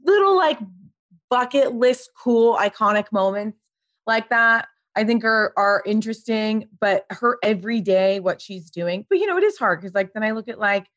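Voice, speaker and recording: A woman in her thirties chatting as a podcast guest, with lots of fillers and animated voices when she quotes people. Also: a little high, normal speed, dry recording. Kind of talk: casual chat.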